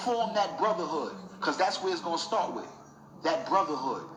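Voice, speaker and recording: A young man speaks with raw emotion, hammering the same points again and again like a street preacher. His voice sits high for a man. The room around him rings with echo. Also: normal speed, a bit bright. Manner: emotional, preachy, repeats himself. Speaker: vlogger. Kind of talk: impassioned talk to camera. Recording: echoey room.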